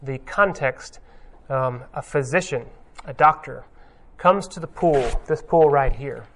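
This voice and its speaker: A man's voice: mid-range voice, a little slow, a bit bright. A man giving an informal sermon, talking conversationally with many ums and uhs as he retells a scene. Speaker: pastor.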